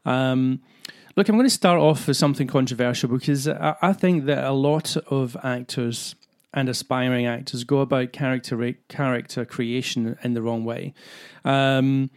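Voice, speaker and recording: A man talks through his ideas on acting for a podcast. He explains earnestly, working his thoughts out aloud with fillers and restarts. His pitch sits in the everyday middle range. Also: steady tone, moderate pace. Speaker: acting coach, podcast host. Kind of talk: solo podcast talk.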